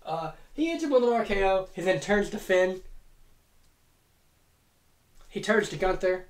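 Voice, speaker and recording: A woman hosting a comedic monologue, telling a made-up wrestling card in a profane, excitable, rapid-fire way. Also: medium pitch. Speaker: host. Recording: roomy echo.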